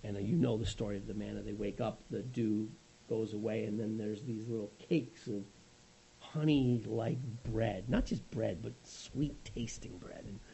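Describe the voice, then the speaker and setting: A middle-aged man preaching a sermon in an animated, conversational storytelling manner. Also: lowish voice, moderate pace, creaky, slight background noise, rough recording.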